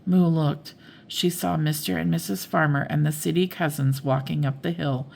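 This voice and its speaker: An older woman reading a bedtime story aloud in a slow, gentle manner. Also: low-pitched, steady tone, gravelly.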